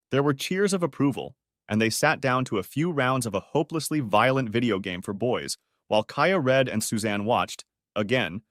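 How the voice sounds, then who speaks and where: A man narrating a story as an audiobook in a steady, measured reading voice. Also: on the low side, no echo, studio quality. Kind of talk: scripted narration.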